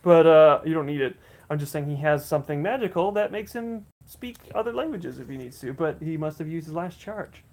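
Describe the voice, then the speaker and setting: Game master type: man narrating a livestream campaign, gravelly, loose and rambling. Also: on the high side, animated, a little fast, a little mellow. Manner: rambling, many fillers and restarts.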